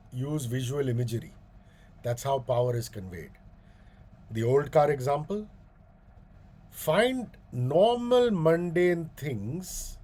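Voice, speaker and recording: A man, a radio host giving a guest talk on speaking like a leader, animated, switching between slow, stressed phrases and quick asides. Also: medium pitch.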